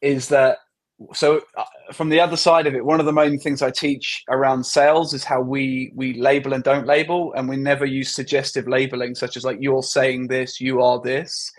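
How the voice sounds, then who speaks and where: Sex: man. Role: interview host. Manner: measured, thinks aloud, restarts sentences. Pitch: mid. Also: level tone. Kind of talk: conversational interview.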